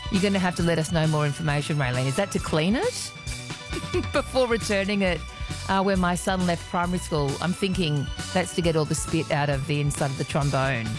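A woman's voice: on the low side, brisk. A woman hosting a talkback radio quiz, chatty and playful, laughing easily with callers. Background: music bed.

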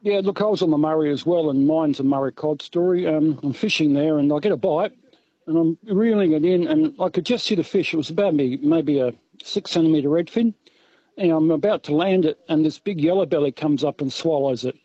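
A man's voice: a little high, fairly quick, no room sound, dull audio. A man with an Australian accent calling a radio show and telling a fishing yarn with gusto. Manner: lively yarn-spinner, laughs. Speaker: caller. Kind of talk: storytelling on a call-in.

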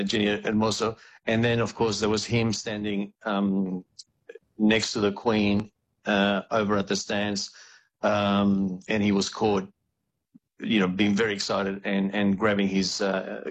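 A man with a lowish voice, chatting about sport as a guest. He talks haltingly, full of fillers and restarts, over a faint low rumble. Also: rough recording. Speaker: guest commentator on Spanish football. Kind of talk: casual radio-style chat.

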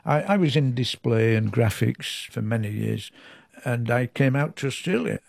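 An older man from England, a storyteller, chatting as an interview guest in a chatty, animated way that often restarts sentences. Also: medium pitch, moderate pace, vocal fry, no echo, studio quality. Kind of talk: reflective interview.

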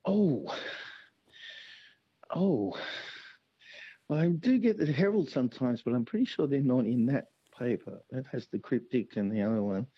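Hesitant male caller, husky. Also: mid-range voice, animated, a little slow, long pauses. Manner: hesitant, rambling, lots of ums. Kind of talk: phone-in chat. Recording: dull phone line.

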